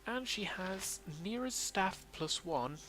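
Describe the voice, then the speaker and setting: A man's voice: sits high, animated, slow pace. A young man casually commenting on his gameplay as a let's play host, thinking aloud.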